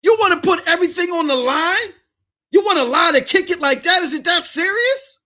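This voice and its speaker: A male podcast host delivers a live-streamed rant in a very high, bright voice. He speaks directly to his viewers and keeps getting worked up, often pushing into yelling. His tone is sharp and forceful throughout. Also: expressive, a little fast.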